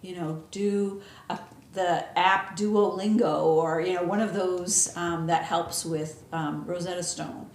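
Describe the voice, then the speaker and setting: A woman's voice: on the low side, fairly even intonation, takes it slowly, few pauses. A woman from the United States who works at a library, hosting a casual interview and chatting with many fillers and restarts. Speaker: interview host, library staff. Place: library room. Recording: echoey room, faint noise.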